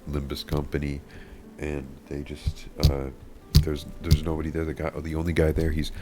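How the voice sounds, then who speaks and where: A man's voice: rumbling low, monotone, normal speed, very noisy. A man telling a comedic story in a rambling, mock-serious way, stumbling over repeated words. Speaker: video creator. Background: background music.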